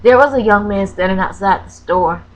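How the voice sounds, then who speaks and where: A woman's voice: mid-range voice, moderate pace, poor audio. A woman vlogger telling a personal story, hesitant and full of ums and self-corrections, close to tears as she talks. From Florida. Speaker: crafting vlogger.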